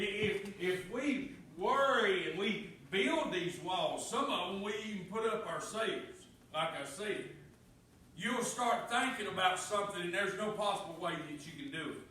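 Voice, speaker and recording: A preacher, a middle-aged man, delivers a folksy sermon in a high, bright, ringing voice. He swings from loud declarations down to near-whispered confessions. He is captured from a distance in a very echoey church with faint room noise. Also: expressive, a little slow. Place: church sanctuary.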